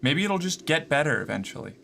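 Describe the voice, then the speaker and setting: A man chats with his stream from a room at home. His voice sits a bit high for a man and sounds sharp and tense. He mutters sarcastic, exasperated asides and swears under his breath. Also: very animated, a little fast, creaky, a little hiss or hum. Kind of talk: casual live-stream chat.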